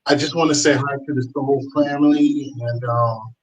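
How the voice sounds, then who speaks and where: A man joining a livestream as a guest over a video call, soft-spoken and hesitant. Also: mid-range voice, fairly even intonation, moderate pace, a crowd in the background, rough recording. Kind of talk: casual chat on a video call.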